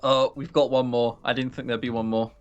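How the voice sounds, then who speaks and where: A man's voice: mid-range voice, flat delivery, a little fast, smooth, dull audio, faint music behind. A young man from Sussex with a southern English accent, hosting a game stream in casual, joking chat and laughing often. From Sussex, England. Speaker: let's play host.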